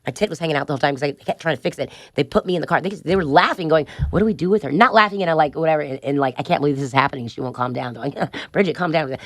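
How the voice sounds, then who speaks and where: A woman's voice: low voice, very fast, few pauses, no echo, studio quality. A middle-aged woman as a podcast guest, telling a wild story bluntly and profanely, laughing along as she goes. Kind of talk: candid storytelling interview.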